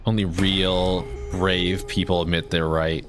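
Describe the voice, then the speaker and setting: A man's voice: low voice, little pitch movement, unhurried, a little hiss or hum. A man joining a game stream, chatting casually with a dry, teasing humor. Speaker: co-player on stream. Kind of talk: casual chat.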